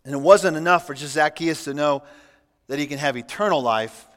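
A man preaching a sermon as pastor, reading scripture aloud and adding relaxed, humorous asides. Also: a little high, a little fast. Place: church sanctuary. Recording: church hall with long reverb.

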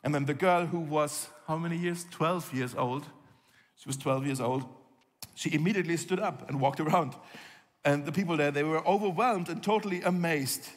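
A man delivers a sermon as an easygoing storyteller and slips into the voices of the people in the story. His voice sits a little high for a man. The sound rings with the long reverb of a large hall. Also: normal speed. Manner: conversational storytelling, acts out quoted lines. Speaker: pastor.

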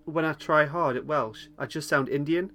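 A man's voice: on the high side, moderate pace, pushed and bright. A man hosting a casual podcast chat, recapping a TV episode with frequent chuckles and hesitant ums. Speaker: podcast host.

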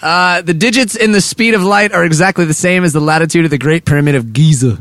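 A man's voice: a little high, fast talker, fairly bright tone, no echo. A man hosting a comedy show, rambling playfully through his jokes and poking fun at himself. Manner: playful, rambling, self-mocking. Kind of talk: comedic banter.

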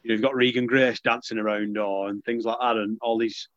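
A young man, chatting in an interview about playing rugby league, with a relaxed, self-deprecating manner and lots of restarts. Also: medium pitch, brisk, dry recording, highs cut off. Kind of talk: casual interview chat.

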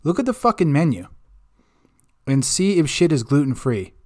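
A man's voice: fairly high pitch, very animated, moderate pace, darkish tone. A man hosting a comedic rant segment, swearing constantly in an exasperated tone. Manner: profane, exasperated ranting. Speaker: host.

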